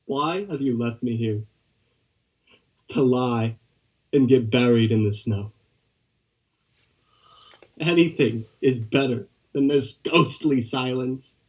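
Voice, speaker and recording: A young man student actor voicing a lonely letter-writer who begs for a reply, in a slow, aching dramatic monologue. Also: medium pitch, distant mic. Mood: longing. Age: young adult. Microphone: video call.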